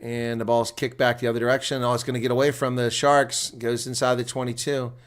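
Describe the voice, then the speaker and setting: A man giving live play-by-play rugby commentary as a solo reaction streamer, talking casually and getting louder and more worked up when attacks build near the try line. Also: medium pitch, fairly quick. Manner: excitable, rising to near shouting on attacking plays.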